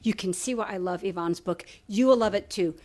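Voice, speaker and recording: A woman's voice: mid-range voice, brisk, a little mellow. A woman hosting a literary event, jokey and playful as she introduces the speakers. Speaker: event host. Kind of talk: casual introduction.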